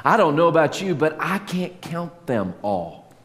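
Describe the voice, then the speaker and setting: A middle-aged man preaches a sermon with animation, swinging from loud peaks to soft, low asides and poking fun at himself. He keeps a measured pace, and the recording carries long hall reverb with faint ambience.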